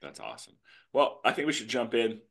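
A man's voice: mid-range voice, huge pitch swings, a little fast, gravelly, a bit bright. A man hosting a casual podcast, a jokey, rambling storyteller. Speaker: podcast host, animal control officer.

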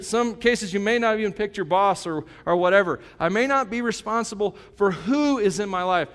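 Pastor, man in his fifties, slightly high voice, casual and joking, then emphatic; long hall reverb. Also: fairly bright tone. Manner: conversational, joking, emphatic preaching. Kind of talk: sermon.

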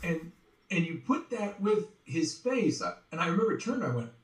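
A man being interviewed as a voice actor, telling stories in an animated way and slipping into quick impressions. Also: sits high. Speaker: voice actor guest. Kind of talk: casual interview chat. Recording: roomy, distant from the mic.

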